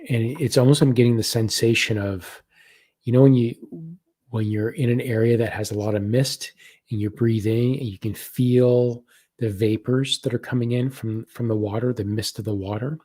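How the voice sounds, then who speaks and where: A man hosting a live spiritual practice session, reading viewer comments and describing what he senses in a slow, soft-spoken way. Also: mid-range voice, steady tone. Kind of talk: live guided meditation session.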